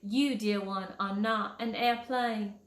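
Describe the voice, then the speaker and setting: A woman's voice: mid-range voice, steady tone, slow, close to an everyday voice. A woman voicing a sweet, prim female fairy who scolds children about manners in a sugary Southern drawl, using pet names. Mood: sweetly scolding. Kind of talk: storybook reading. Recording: echoey room.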